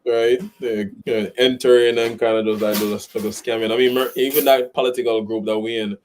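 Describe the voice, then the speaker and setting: A man's voice: medium pitch, flat delivery, fairly quick, slight background noise. A man co-hosting a radio talk show in a studio, chatting in a loose, laid-back way. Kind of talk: casual talk radio chat.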